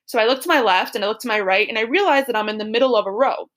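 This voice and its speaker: A woman's voice: on the high side, racing, fairly bright tone. A young woman co-hosting a podcast, telling a personal story in a chatty, giggly way full of "like" and "super". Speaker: podcast co-host.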